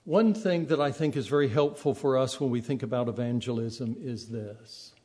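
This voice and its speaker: A man's voice: medium pitch, moderate pace, a little mellow. A man preaching a sermon in a conversational way, acting out the quoted voices of the people he describes. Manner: conversational, acts out quoted speech.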